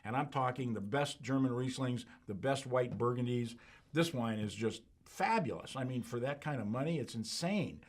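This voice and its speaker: A man co-hosting a wine show as its writer, praising wines effusively in halting, restarting sentences. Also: mid-range voice, animated. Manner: effusive, halting with repeated starts. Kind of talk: casual tasting chat.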